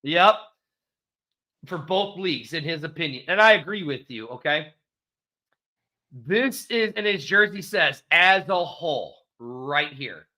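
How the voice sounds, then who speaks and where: Emphatic high-voiced man talking football. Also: animated, measured pace, bright, forceful tone. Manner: emphatic, repeats points for stress. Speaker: podcast co-host. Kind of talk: casual sports talk show. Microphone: studio microphone.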